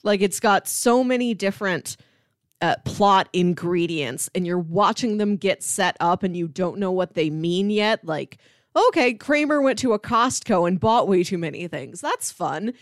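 A woman co-hosting a podcast in an easy, analytical chat, laughing now and then. Her voice sits at a middle pitch and sounds close and dry, with no room around it. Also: lively intonation, unhurried, no room sound. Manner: chatty, analytical, laughs often. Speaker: podcast co-host. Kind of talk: casual chat.

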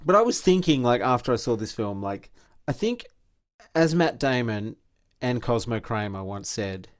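Male podcast co-host, mid pitch, relaxed thinking-aloud delivery. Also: moderate pace. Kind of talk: casual film discussion.

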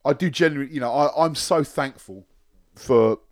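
A man's voice: medium pitch, moderate pace, darkish tone. A man guests on a podcast in casual chat. He rambles, restarts his sentences and swears freely.

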